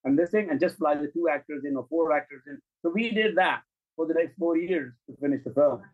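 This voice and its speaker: A man, a film and commercial director, telling anecdotes in an interview, animated and blunt, acting out dialogue and swearing now and then. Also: a little high, a little fast, phone-quality sound. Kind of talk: interview storytelling.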